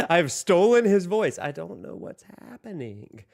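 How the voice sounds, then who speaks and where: Playful, lively-voiced livestream host man. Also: sits high, unhurried, gravelly. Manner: playful, laughs often, chats to viewers. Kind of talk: casual livestream chat.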